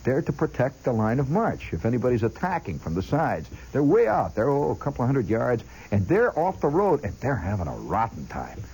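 A man's voice: mid-range voice, huge pitch swings, a little fast, hardly any pauses, a little mellow, breathy edge, low-quality recording. A man telling a long personal story as a chatty monologue, talking straight to the listener and mimicking sounds along the way. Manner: chatty, addresses the listener directly; imitates sounds with his voice.

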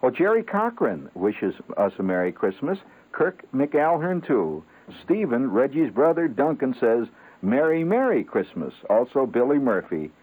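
A man hosting a late-night comic radio show, rambling and halting with lots of fillers and chuckles. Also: mid-range voice, very animated, slightly rough. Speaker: radio host. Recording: tinny lo-fi radio broadcast.

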